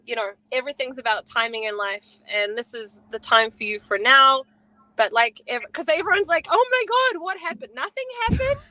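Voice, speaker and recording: Woman, podcast co-host, gushing and effusive, bright forceful tone, dry close sound. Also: fairly high pitch, no room sound, low-quality recording. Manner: effusive and gushing, with many fillers. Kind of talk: casual podcast chat.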